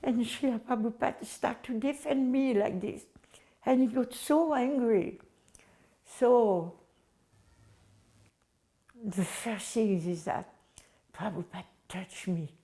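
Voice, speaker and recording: An older woman tells a personal memory in a slow, unhurried way. Her voice sits fairly high. Her English is halting, and she acts out each moment as she goes. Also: mellow. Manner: halting non-native English, acts out the scene vividly. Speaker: interviewee recalling memories. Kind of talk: personal recollection.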